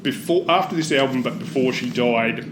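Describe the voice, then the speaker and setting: A man's voice: mid-range voice, moderate pace, background noise. Wry man in an echoey room. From Australia. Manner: wry, chuckling often. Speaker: podcast co-host. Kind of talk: casual chat.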